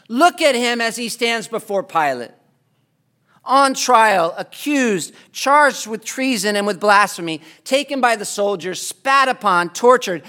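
A man preaching a sermon, impassioned, building to loud pleading climaxes. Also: very high-pitched, normal speed.

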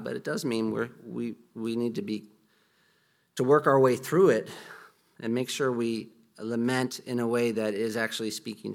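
A man's voice: medium pitch, a bit bright. A man preaching a sermon in an earnest, conversational way, asking the listeners rhetorical questions. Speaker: pastor.

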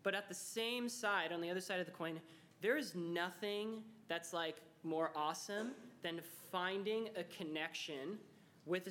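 A man's voice: high-pitched, bright, forceful tone, a little hiss or hum. A young adult man giving a casual motivational talk to students, chatty and full of fillers, acting out the dialogue in his stories. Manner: acts out quoted dialogue in storytelling. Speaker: speaker addressing students.

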